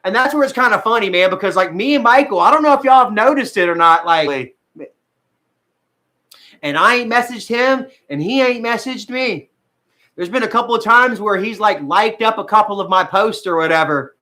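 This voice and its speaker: Emotional male streamer, high bright voice, rambling and profane, on the edge of tears. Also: lively intonation, moderate pace. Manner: rambling, frequent fillers, heavy swearing. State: tearful at times. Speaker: vlogger talking to live viewers. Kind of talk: emotional casual livestream talk.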